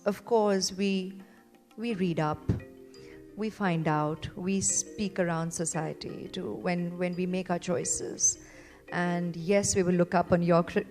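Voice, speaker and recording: A woman in her forties from India, a parent giving a heartfelt testimonial speech to a seated audience, earnest and gentle, with many fillers and repeated phrases. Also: mid-range voice. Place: event venue before a seated audience.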